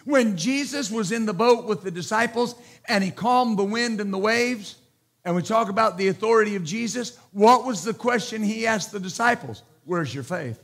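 High-voiced man preaching emphatically. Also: moderate pace, creaky. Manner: emphatic, repetitive preaching with loud exclamations. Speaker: pastor. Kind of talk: sermon.

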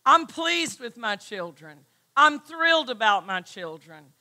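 Slow, bright-voiced woman pastor preaching. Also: on the high side, sing-song. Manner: emphatic preaching with rhetorical questions. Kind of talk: sermon.

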